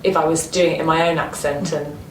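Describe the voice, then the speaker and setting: A Northern English woman, an actress being interviewed, who talks with animated enthusiasm and often restarts her sentences. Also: low-pitched, a little fast. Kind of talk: casual interview chat. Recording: roomy, distant mic with faint noise.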